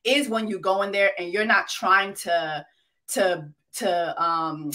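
Animated, teasing woman hosting an interview. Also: mid-range voice, takes it slowly. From Haitian immigrant family. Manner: animated, teasing, emphatic with repetition. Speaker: host. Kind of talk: casual interview chat.

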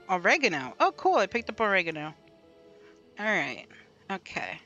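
A woman's voice: medium pitch, sing-song, normal speed, pauses often, sharp tone, highs cut off. A woman chatting casually through a gameplay livestream, talking to herself and to chat and laughing often. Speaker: streamer. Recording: light music behind the voice.

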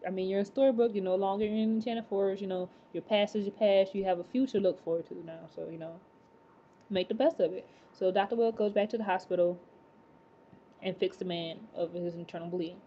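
A woman casually recapping a TV episode, rambling with many fillers and excited exclamations. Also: medium pitch, muffled recording, slight background noise. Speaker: TV episode reviewer.

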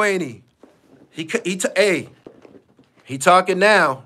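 Background noise sits under a man's high, expressive voice as he speaks at a slow pace. He's a podcast host doing casual live-stream commentary, blunt and profane, repeating himself to stress things.

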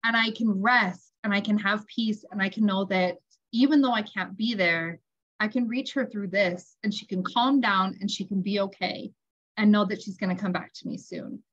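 A woman telling family stories in an online interview, animated and acting out the dialogue she quotes. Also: mid-range voice, moderate pace, highs cut off. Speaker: tapping practitioner guest.

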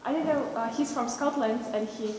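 A woman's voice: fairly high pitch, fairly quick, a little mellow, heavy reverb, long reverb tail, distant mic, a little hiss or hum, low-quality recording. A woman in the audience speaking hesitantly, with many fillers. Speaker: audience member. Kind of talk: question from the audience.

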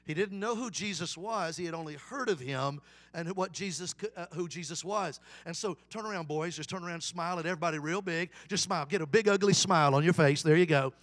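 A man's voice: on the high side, fast talker. A man preaching a sermon as a guest evangelist at a church service, calling out to the congregation for a response. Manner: animated call-and-response preaching.

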